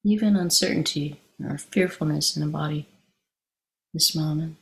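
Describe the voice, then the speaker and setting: A woman giving an informal meditation talk, telling a story in a halting, conversational way with frequent restarts. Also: deep voice, gravelly, slight background noise. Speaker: meditation teacher.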